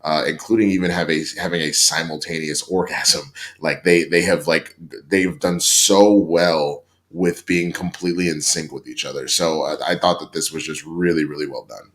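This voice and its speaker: A man co-hosting a casual TV review show, talking in a relaxed, rambling, slangy way. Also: extremely low pitch, moderate pace, few pauses.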